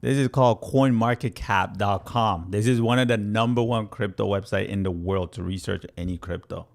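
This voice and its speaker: A man's voice: on the low side, moderate pace, vocal fry. A young man hosting a casual crypto livestream, chatty and playful as he answers viewers. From Canada. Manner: energetic, chatty, playful with viewers, laughs often.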